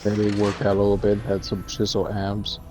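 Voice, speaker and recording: A man co-hosting a game stream, dropping dry jokes and quick one-liners in casual chat. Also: on the low side, completely flat delivery, a little mellow. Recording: faint game music behind.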